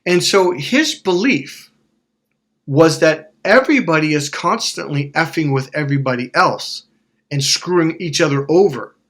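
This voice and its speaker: A man with a somewhat high-pitched voice tells a personal story as a coach and hypnotherapist. He talks frankly and curses now and then, apologizing for it. He rambles and corrects himself mid-sentence. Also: expressive, a little slow, fairly bright tone. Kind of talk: storytelling monologue.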